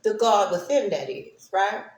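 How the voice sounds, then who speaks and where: A woman's voice: mid-range voice, animated, measured pace, a little mellow, a little hiss or hum. A woman giving a casual spiritual monologue to her stream viewers, rambling and often asking "right?" to check in with them. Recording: echoey room.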